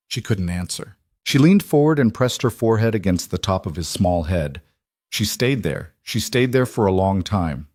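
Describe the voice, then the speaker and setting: A man reads a scripted story aloud in a measured, even storytelling manner. His voice sits low. The recording is close and dry with no room sound. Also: no echo. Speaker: narrator. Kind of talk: scripted narration.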